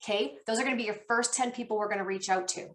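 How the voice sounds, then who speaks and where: A woman trainer on a team call, talking with an excited, animated storytelling manner. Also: a little high, very fast. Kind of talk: enthusiastic coaching chat.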